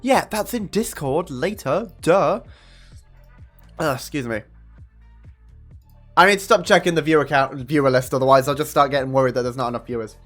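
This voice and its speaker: Young male streamer, fairly high, animated and profane, casual chat over faint music. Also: normal speed, long pauses. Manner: chatty and profane, with sudden high excited jumps. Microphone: desk microphone.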